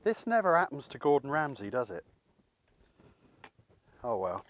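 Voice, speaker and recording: An English man chats his way through a home cooking demonstration, easygoing and a bit rambling. He talks to the camera like a friend, with an ordinary middle pitch. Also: very animated, unhurried, a bit bright. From England. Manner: chatty, rambling, self-deprecating. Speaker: cooking channel host.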